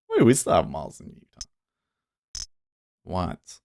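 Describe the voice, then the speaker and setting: A man hosts a live trading stream, talking casually and thinking out loud. He rambles from one point to the next and laughs often. His voice sits fairly low for a man. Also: wildly swooping pitch, slow pace, vocal fry. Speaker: day trading livestream host. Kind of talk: casual livestream commentary.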